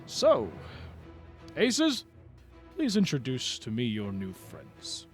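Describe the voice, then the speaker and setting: A man's voice: mid-range voice, huge pitch swings, takes it slowly, faint music behind, voice pushed down. A man voicing a genial, chatty bearded king who speaks in a stately way. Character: genial bearded middle-aged male king.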